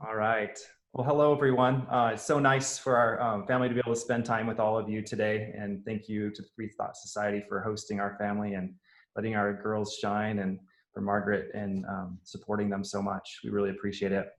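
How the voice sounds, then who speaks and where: A middle-aged man speaking on a video call, introducing his young daughter and then reading a foreword aloud, earnest and relaxed with frequent fillers. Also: lowish voice, a little fast, roomy sound. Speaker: parent introducing a young author.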